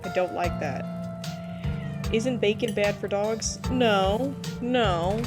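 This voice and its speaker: A woman's voice: medium pitch, slow pace. Playful woman gamer chatting over music. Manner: playful, chatty, reacts with frequent laughs. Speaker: let's play host. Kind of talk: casual gaming commentary reading game text aloud. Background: game background music.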